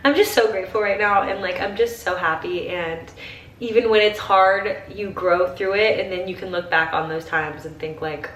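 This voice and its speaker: A woman's voice: medium pitch, moderate pace, fairly bright tone. A young woman from Ohio in her twenties chatting casually while getting ready, emotional and full of "like.". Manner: chatty, emotional, tearful at times, heavy use of "like". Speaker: vlogger. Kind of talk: casual get-ready-with-me chat. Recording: roomy, slightly distant home audio with faint ambience.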